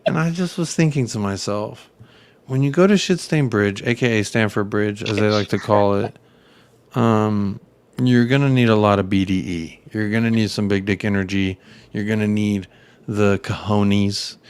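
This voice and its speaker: A low-pitched man talking casually on a late-night chat stream. He rambles and jokes crudely, and his voice sounds close and dry. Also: steady tone, moderate pace, smooth, no room sound. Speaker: podcast co-host.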